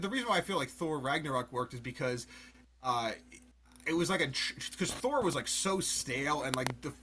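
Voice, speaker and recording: A man's voice: mid-range voice, sharp tone. A young man in a casual podcast debate, blunt and opinionated, often swearing. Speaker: podcast guest.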